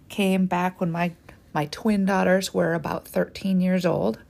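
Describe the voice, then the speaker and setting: A woman's voice: on the low side, gravelly, a little mellow. A woman in her forties, a hormone specialist and trainer, telling a candid personal story in a conversational way with frequent asides to the listener.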